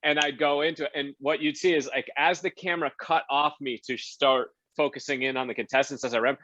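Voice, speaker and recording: Bright-voiced man telling animated stories. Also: fairly quick, no room sound. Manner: animated anecdote-telling, acts out quotes with big pitch jumps. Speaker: producer and game show host, guest. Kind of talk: casual podcast storytelling. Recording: dull, slightly lo-fi dry podcast audio.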